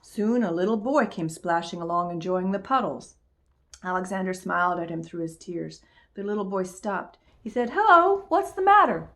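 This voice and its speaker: Woman calmly reading a children's book aloud. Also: lowish voice, normal speed. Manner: calm, expressive read-aloud voice. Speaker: storyteller.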